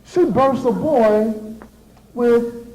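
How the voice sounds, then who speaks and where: A man in his thirties from Georgia, giving a motivational speech and telling a story to an audience in an animated, playful way with repeated phrases. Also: very high-pitched, extremely slow, slight background noise, poor audio. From Decatur, Georgia. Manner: animated, repetitive, playful, with sudden shifts to hushed. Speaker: motivational speaker.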